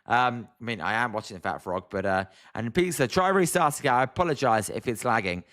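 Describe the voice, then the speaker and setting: A man's voice: mid-range voice, lively intonation, fairly quick, a bit bright. British guy doing casual play by play on a stream, fed up with his team, talks to chat a lot. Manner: exasperated, chatty, reads viewer comments aloud. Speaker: live-stream sports commentator. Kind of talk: casual play-by-play watch-along.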